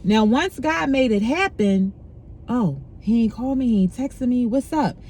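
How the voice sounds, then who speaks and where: A woman's voice: on the high side, animated, normal speed, mellow, breathy edge. A middle-aged woman candidly sharing a painful personal story, frank and emotional, speaking casually with profanity.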